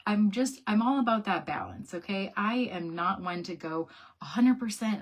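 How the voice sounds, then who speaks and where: A young woman talking casually to camera, answering viewer questions about a product in a chatty, upbeat way with quick laughs and repeated words. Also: on the low side, lively intonation. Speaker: wellness product seller.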